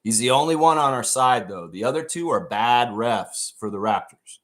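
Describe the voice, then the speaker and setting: A man's voice: medium pitch, animated, moderate pace, a bit bright. A man hosting a sports fan show who rants in a blunt, profane, heated way. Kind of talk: ranting sports commentary.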